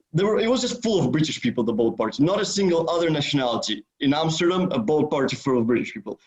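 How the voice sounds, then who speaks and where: A man with a mid-range, somewhat dark voice co-hosts a podcast, rambling through casual chat that's profane and packed with filler words, especially lots of "like"s. The audio is lo-fi.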